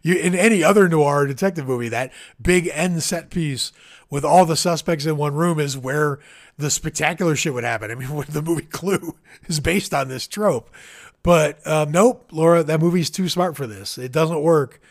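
Male podcaster, fairly high voice, casual film talk, animated retelling. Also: normal speed. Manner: animated storyteller, acts out quoted lines, frequent "like". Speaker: podcast co-host.

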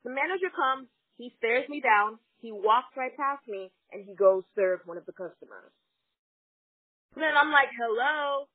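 Woman, animated storyteller, slightly high voice, husky edge, dry tinny phone-like sound. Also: normal speed, no echo. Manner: animated, dramatic storyteller, frequent "like" and "yada yada". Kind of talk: casual storytelling chat.

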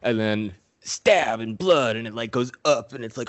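Male host, low voice, dry close sound; crude comic movie recap, jumps into silly character voices. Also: a little fast, no room sound. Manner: profane, acts out characters in goofy voices. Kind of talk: casual comedic movie recap.

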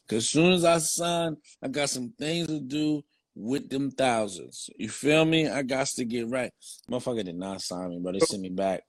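A man's voice: medium pitch, moderate pace, no room sound. A young man, a former football player, telling his story in casual, slang-heavy, profane talk.

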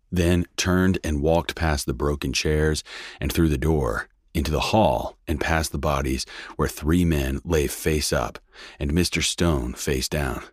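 Man, very deep voice, husky, steady audiobook narration, dry close sound. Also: no room sound.

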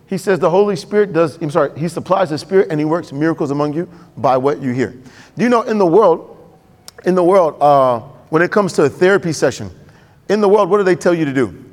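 A man with a high voice delivers a sermon in a lively, conversational way. He throws questions to the congregation and picks up speed as he goes. His words carry a long reverb from the church hall. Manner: conversational, quick and animated, asks the congregation questions. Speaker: pastor. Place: church sanctuary.

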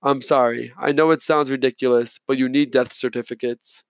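A male reader puts on an affable middle-aged lawyer who chats easily and apologizes often. His voice sits in a middle pitch and sounds close and dry, as in a read-aloud story. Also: steady tone, normal speed, dry recording, natural voice. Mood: explaining. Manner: chatty, apologetic, friendly.

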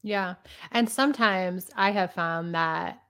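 A woman's voice: on the low side, slow pace, fairly bright tone. Playful woman podcast co-host. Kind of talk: casual chat.

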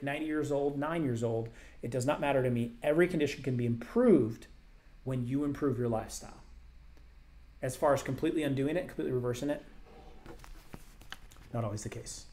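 A man with a mellow, mid-range voice hosts a casual health Q&A show. He explains things conversationally and keeps circling back to his main points, repeating them for emphasis.

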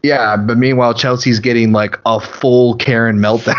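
A man's voice: mid-range voice, steady tone, normal speed, highs cut off. A man co-hosting a podcast, chatting casually in a joking and profane way. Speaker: podcast co-host. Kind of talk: casual chat.

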